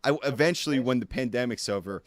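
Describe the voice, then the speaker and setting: A man hosting a casual talk show, excitable and calling everyone dude. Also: mid-range voice, fast, no echo. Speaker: host. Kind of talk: casual chat.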